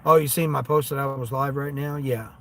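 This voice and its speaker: A man talks to his viewers from inside a vehicle while he drives. His pitch sits in the middle, and his easy, wandering chat drifts from one thing to the next. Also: fairly even intonation, a little fast, pushed and bright, slight background noise. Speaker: livestream host. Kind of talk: casual livestream chat.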